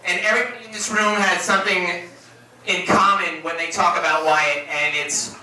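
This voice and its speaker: A man giving a eulogy for his best friend, telling stories in a casual, animated way with laughs and swearing. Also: sits high, moderate pace, a little hiss or hum. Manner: animated, laughing storyteller who swears freely. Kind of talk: memorial speech, casual storytelling. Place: room at a memorial gathering. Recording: echoey room, distant mic, crowd.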